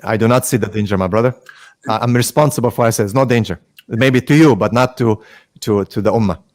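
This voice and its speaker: A man's voice: lowish voice, quick pace, darkish tone, dry recording. A man arguing his side in a heated online debate, pointedly mixing Arabic religious terms into his speech.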